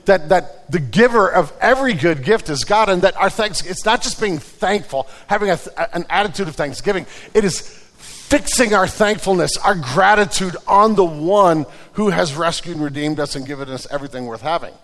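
Male pastor mid-sermon, high voice, chatty storytelling delivery, recorded in a reverberant church. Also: fairly bright tone. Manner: conversational preaching with repeated restarts and told anecdotes.

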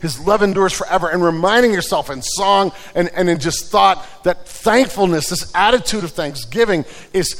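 A man's voice: sits high, moderate pace, hardly any pauses, a bit bright, big-room sound. A man preaching a sermon in a conversational way, often restarting phrases and telling everyday stories. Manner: conversational preaching with repeated restarts and told anecdotes. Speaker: pastor.

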